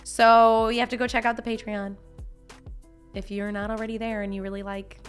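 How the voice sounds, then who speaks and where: A woman's voice: on the high side, little pitch movement, normal speed, smooth, faint music behind. A young woman chatting casually on a live stream, reading chat messages, laughing often and talking with lots of restarts. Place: home.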